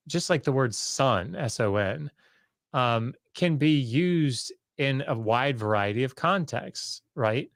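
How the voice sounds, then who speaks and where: Guest scholar, male, mid pitch, rambling and playful, dry sound. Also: no room sound. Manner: jokey, rambling, quick asides and self-corrections. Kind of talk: casual explanatory chat.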